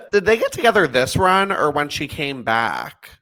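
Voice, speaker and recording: A man co-hosting a chatty podcast, his pitch swinging up and down as he talks. He laughs a lot and leans on fillers between thoughts. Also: sing-song, measured pace, fairly bright tone. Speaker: podcast co-host. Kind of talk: casual chat.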